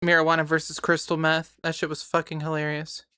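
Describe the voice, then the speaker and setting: A woman's voice: low-pitched, monotone, brisk, sharp tone, smooth, no echo, clean studio sound. A woman filling in on a live stream, chatting casually in a rambling, sweary way with a sore throat. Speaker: stand-in streamer.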